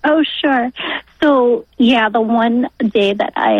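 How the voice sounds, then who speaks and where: A woman in her forties calling in by phone, emotional and halting, laughing through tears as she talks. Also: a little high, no echo. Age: 40s. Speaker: caller. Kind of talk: call-in testimony. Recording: dry lo-fi phone line.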